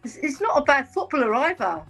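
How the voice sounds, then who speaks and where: A woman's voice: sits high, very animated, brisk, fairly bright tone, soft background music. A woman calling in to a football chat show, chatty and teasing with frequent giggles. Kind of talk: casual call-in chat.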